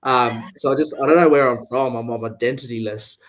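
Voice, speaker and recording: A man's voice: medium pitch, steady tone, a little fast, fairly bright tone, a little hiss or hum. A young man with an Australian accent tinged with British, chatting as a guest in an online interview, laid-back. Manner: laid-back, chuckling often. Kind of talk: casual interview chat. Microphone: video call.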